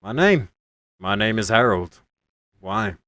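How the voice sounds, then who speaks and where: A laid-back druid man in a tabletop game who answers in curt, offhand bits, as a game master puts him on. The voice sits a touch lower than plain talk and sounds close and dry. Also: animated, takes it slowly, fairly bright tone, no room sound. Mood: puzzled. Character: laid-back adult male druid tavern patron.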